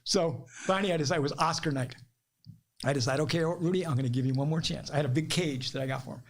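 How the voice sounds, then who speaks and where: Animated storytelling man from Ohio. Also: on the high side, fast talker. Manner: animated, laughs while telling stories, acts out quotes. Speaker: podcast guest. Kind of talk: casual storytelling.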